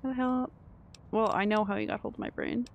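Canadian lady streaming a game, chatty, laughs a lot, kinda high voice. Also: fairly quick, vocal fry, slight background noise. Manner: chatty, laughs often, talks to chat. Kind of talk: casual gameplay commentary.

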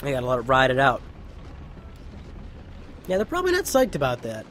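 A man's voice: medium pitch, huge pitch swings, brisk, fairly bright tone, a little hiss or hum. A young man giving casual, rambling, joking gameplay commentary into a home mic. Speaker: let's play host. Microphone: home mic with pop filter.

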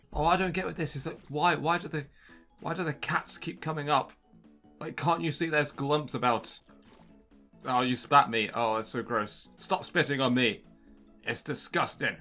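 A young man giving jokey, excitable let's-play commentary and chatting to the characters on screen. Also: mid-range voice. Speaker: gaming channel host.

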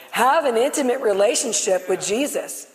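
A middle-aged woman on stage, giving a loud, passionate, excitable testimony to a live audience. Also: fairly high pitch, unhurried. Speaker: guest speaker sharing her healing testimony. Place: on stage before a live audience in a large hall. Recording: long reverb of a large hall.

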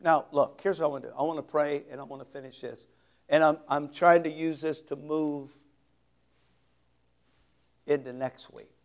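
A male pastor preaching an expository sermon, reading scripture slowly with heavy emphasis and dropping folksy asides. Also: a little high, fairly even intonation.

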